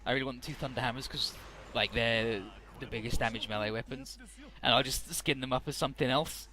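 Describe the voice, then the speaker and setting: A man's voice: mid-range voice, fairly even intonation, a little fast, sharp tone. A man giving rambling, casual gameplay commentary, paraphrasing the characters and swearing freely. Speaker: let's play commentator.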